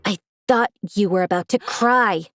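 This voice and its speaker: A woman's voice: medium pitch, a little slow, a bit bright, dry recording, studio quality, natural voice. A woman voicing a cruel, greedy middle-aged aunt who talks in a threatening, gloating way.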